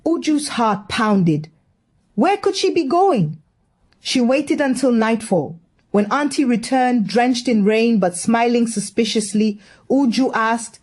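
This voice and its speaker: A woman's voice: on the high side, lively intonation, slow, a little mellow. Woman storyteller, wry, gossipy, scripted narration.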